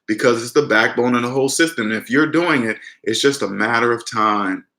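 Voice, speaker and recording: Blunt, bright-voiced man in an echoey room. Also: mid-range voice, brisk. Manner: emphatic, blunt, repetitive restarts. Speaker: personal finance vlogger. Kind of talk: casual lecture to the camera. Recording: roomy echo.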